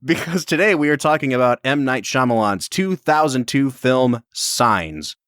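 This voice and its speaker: A man's voice: medium pitch, expressive, moderate pace, fairly bright tone, no echo, clean studio sound. A man in his thirties co-hosting a podcast in casual, teasing chat. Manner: joking, teasing. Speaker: podcast co-host.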